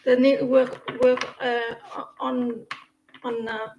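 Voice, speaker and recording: A woman chats through free card readings on a live stream, rambling from point to point and laughing easily. Her voice sits a little high, and the room around her rings with echo under a faint noise floor. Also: level tone, slow pace, muffled recording. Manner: chatty, rambling, laughs often. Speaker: live stream tarot reader. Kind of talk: casual live stream chat.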